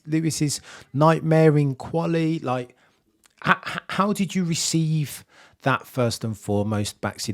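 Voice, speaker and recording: A man hosting a casual podcast, jokey and animated, swinging from quiet asides to loud outbursts. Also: mid-range voice. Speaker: podcast host.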